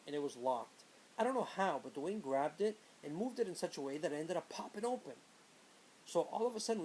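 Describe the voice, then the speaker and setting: Rambling storyteller man, higher voice. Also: darkish tone, slight background noise, poor audio. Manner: rambling, conversational, with asides. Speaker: vlogger. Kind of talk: casual storytelling.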